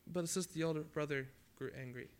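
A man preaching a sermon at a youth camp, conversational and dramatic, swinging from loud to hushed. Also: on the high side, fairly quick, clean tone.

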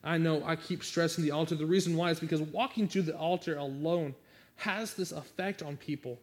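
A man's voice: a little high, fairly even intonation, brisk. A man pastor preaching a sermon and making an earnest, pleading altar call.

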